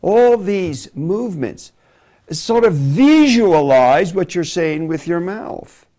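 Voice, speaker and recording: A man giving a preaching-style lesson on speaking, animated and emphatic, sometimes dropping to a quiet voice. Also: sits high, slow. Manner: animated, emphatic delivery with sudden drops to a quiet voice. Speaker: preacher teaching public speaking.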